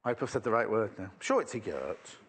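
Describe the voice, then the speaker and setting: A man's voice: fairly low pitch, big pitch swings, quick pace, fairly bright tone, slight background noise. A man presenting fabrics live on a shopping channel, chatty and rambling as he exclaims over each one. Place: TV shopping studio.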